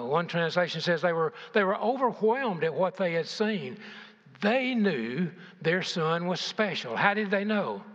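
A man's voice: high voice, fairly bright tone. An older man preaching a sermon, asking his congregation rhetorical questions and shifting his emphasis. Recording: dull, echoey church hall.

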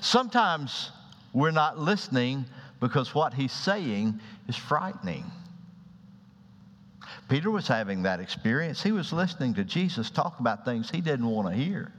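Preaching in a church at a moderate pace, this pastor sounds very animated, with a fairly bright tone. Quoted voices in his stories get acted out dramatically as his pitch climbs. Long hall reverb fills the lo-fi recording.

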